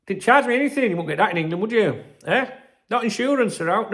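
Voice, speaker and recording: A man's voice: high voice, expressive, quick pace, fairly bright tone. A man hosting a football channel, ranting and rambling in casual, sweary banter.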